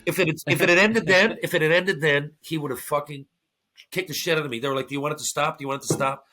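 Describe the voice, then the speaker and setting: Bright, animated ex-hockey storyteller man. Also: fairly high pitch, quick pace. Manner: animated, swearing, acting out his own reactions. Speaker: podcast guest, former hockey enforcer. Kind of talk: casual storytelling.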